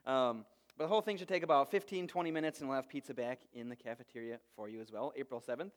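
A man in his thirties, a pastor preaching a sermon and telling stories with lively quoted voices. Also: medium pitch, fast talker. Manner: storytelling, animated quoted voices.

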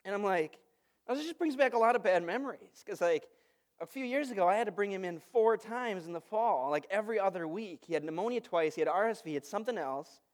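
Male pastor, thirties, light high voice, chatty storytelling sermon. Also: brisk. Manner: conversational, storytelling with lively asides.

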